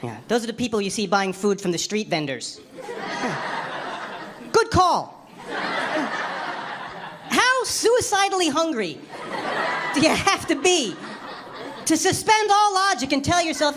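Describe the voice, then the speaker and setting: A woman doing a stand-up comedy set on a club stage, wry and animated, jumping into squealy voices for the people she quotes. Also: high-pitched, unhurried, pauses often, noisy background. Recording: live club recording with crowd laughter. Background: audience laughing.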